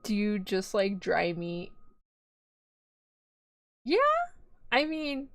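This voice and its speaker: A woman's voice: mid-range voice, animated, drawn-out words, no room sound. A young woman, chatting and giggling casually on a live stream. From Texas. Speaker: VTuber streamer.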